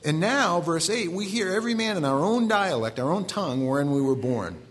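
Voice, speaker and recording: A man's voice: on the high side, animated, brisk. A man in his forties with a Maine accent, preaching a sermon in a conversational way with self-deprecating asides. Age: 40s. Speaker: pastor.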